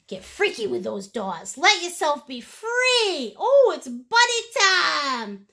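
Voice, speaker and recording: Woman, painting teacher, playful and chatty, unhurried delivery, high voice. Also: very animated, sharp tone. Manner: bubbly, playful, chatty with viewers. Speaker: painting instructor. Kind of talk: live-streamed painting class.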